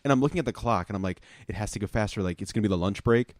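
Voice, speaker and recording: A man's voice: fairly low pitch, racing, a little mellow, no room sound, clean studio sound. A young man co-hosting a casual chat show, telling rambling school stories and laughing through them. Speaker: podcast co-host.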